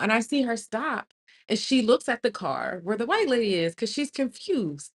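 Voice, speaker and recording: A woman host telling a personal story in a loud, animated, emphatic way. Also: on the low side, moderate pace. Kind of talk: casual storytelling.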